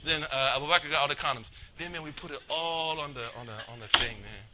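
Speaking at a quick pace in a fairly high voice, this imam tells a religious story casually, playing its characters and blending Arabic religious phrases with street slang. Heavy background noise runs through the dull, lo-fi recording.

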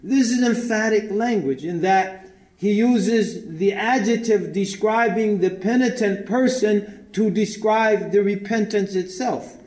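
A man's voice: high-pitched, unhurried, a little mellow. A man preaching a sermon, emphatic, posing rhetorical questions to his congregation and reciting scripture in Arabic before translating it. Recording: echoey room.

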